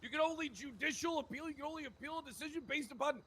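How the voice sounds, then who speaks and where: A man's voice: extremely high pitch, rapid-fire, bright, forceful tone. A man roleplaying a cop in a heated, swearing rant, with his voice cracking with indignation. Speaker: roleplayer playing a police character. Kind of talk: heated GTA roleplay argument.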